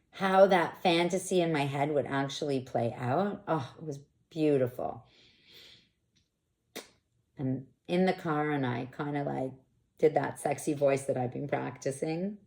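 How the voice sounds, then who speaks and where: An intimacy coach speaks straight to camera in a candid monologue, frank and expressive with animated bursts. Her voice is bass-deep and unhurried, and the room is echoey.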